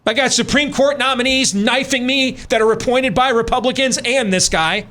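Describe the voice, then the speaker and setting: A man's voice: extremely high pitch, moderate pace, pushed and bright. A middle-aged man hosting a radio talk show, ranting with sarcastic, emphatic commentary.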